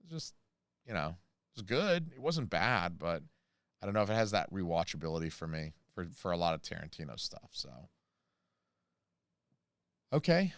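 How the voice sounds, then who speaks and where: A man's voice: sits low, sing-song, normal speed, long pauses, fairly bright tone, no room sound, clean studio sound. An American man hosting a casual livestream, rambling through jokey asides and reading chat messages. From United States. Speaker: channel host reading live chat.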